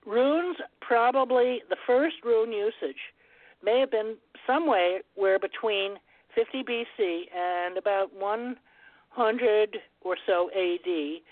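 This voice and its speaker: A woman's voice: mid-range voice, slow pace, dry recording. A woman guest on a phone-in radio interview, talking at length in a rambling, digressive way and ending her turns with "over". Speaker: guest rune scholar. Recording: tinny phone line, dry.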